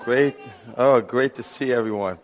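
Hoarse pastor in a reverberant hall. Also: male voice, mid-range voice, normal speed, a faint crowd, slight background noise. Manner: chatty and joking with the congregation. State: hoarse from laryngitis. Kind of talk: conversational sermon. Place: church sanctuary with congregation.

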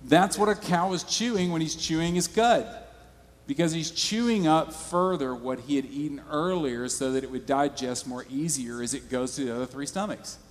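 A man's voice: on the high side, normal speed, in a large hall. A male pastor preaching a sermon in a church, conversational and storytelling.

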